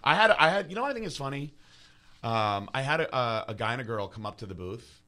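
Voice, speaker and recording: A man's voice: medium pitch, expressive, fast, sharp tone. A young man co-hosting a podcast in casual chat, brash and joking, swearing freely. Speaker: podcast co-host.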